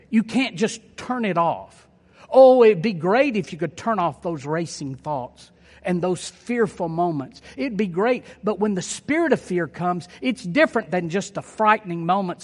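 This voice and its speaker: A man preaching a sermon, emphatic and repeating his key phrases for effect. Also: sits high. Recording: long hall reverb.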